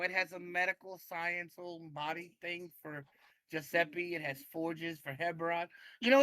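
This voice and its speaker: A woman's voice: medium pitch, bright, forceful tone, no echo, low-quality recording. A woman playing a tabletop game, chatting with the group in a teasing, sassy way. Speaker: player.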